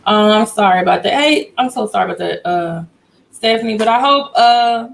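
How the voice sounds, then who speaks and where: A woman's voice: medium pitch, expressive, normal speed, creaky, poor audio. A woman hosting a casual livestream from home, chatty and greeting viewers by name as they join. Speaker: livestream host.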